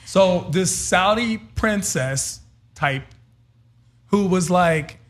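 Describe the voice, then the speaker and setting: High-voiced man telling a lively story. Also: very slow. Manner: animated storyteller, says "bro" and "yo". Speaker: co-host. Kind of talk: casual podcast chat. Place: studio.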